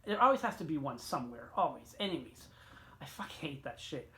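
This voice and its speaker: A middle-aged man vlogging a casual, rambling story, swearing often, with sudden jumps in pitch and loudness. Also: expressive, brisk.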